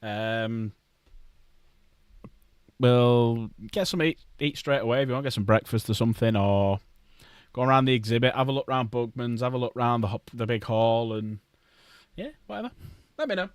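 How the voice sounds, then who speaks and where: A man's voice: mid-range voice, normal speed, pauses often, clean tone, no room sound. A man streaming casually, chatting and rambling to viewers while building models. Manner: rambling, chatty, talks to chat.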